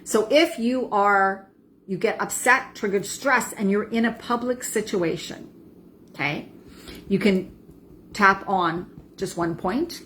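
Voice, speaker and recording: A woman in her forties, a wellness coach, calmly guiding a tapping practice and checking in with "right?" and "okay?". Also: medium pitch, slow pace, slight background noise. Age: 40s. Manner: soothing affirmations with frequent "right?" and "okay?". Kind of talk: guided self-help demonstration.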